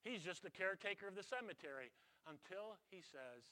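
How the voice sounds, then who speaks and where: A man preaching a sermon as a pastor, retelling a story with dramatic swings from loud to hushed. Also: high voice, lively intonation, fairly quick.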